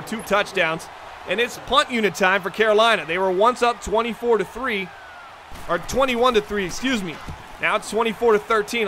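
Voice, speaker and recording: A man hosting a football video game livestream, calling the plays in excitable play-by-play and chatting to viewers. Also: sits high, noisy background. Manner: excitable, chatty, talks straight to the chat viewers. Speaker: livestream host and commentator.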